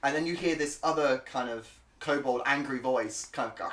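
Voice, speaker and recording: A man narrating as game master of a tabletop game, halting and full of filler words. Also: mid-range voice, fairly bright tone. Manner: halting, full of ums and uhs.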